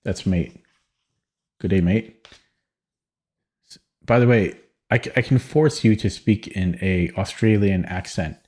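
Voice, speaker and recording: A man's voice: sits low, normal speed, darkish tone. A man streaming a chess game, thinking aloud hesitantly and often stammering or repeating words. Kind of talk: live-stream chess commentary.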